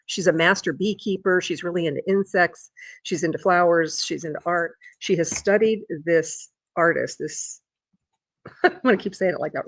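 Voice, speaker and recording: A woman talks to her viewers in a loose, rambling vlog style, circling back and restarting her sentences. Her voice sits on the low side. The sound is dry and close, with no room echo. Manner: chatty, rambling, with restarts and high sing-song talk to her dog. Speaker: vlogger. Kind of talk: casual chat.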